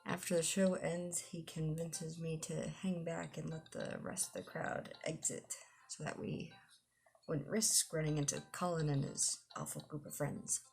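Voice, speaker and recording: A woman's voice: sits low, level tone, measured pace, vocal fry, darkish tone, a little hiss or hum. A woman streamer reading a visual novel aloud, laughing in between and adding dry asides. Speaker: gaming streamer.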